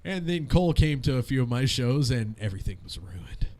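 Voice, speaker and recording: A man's voice: medium pitch, a little fast. A man in his thirties co-hosting a casual radio show, telling stories in a profane, laughing way. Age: 30s. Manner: profane, laughing, animated storyteller. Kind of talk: casual podcast banter.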